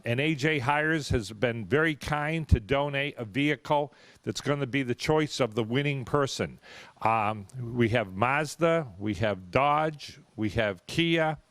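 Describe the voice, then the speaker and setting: A man hosting a live charity raffle drawing at a car museum, folksy and chatty, spelling names out slowly. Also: mid-range voice, a bit bright, clear, resonant tone, no echo. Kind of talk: live event announcing. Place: car museum event hall.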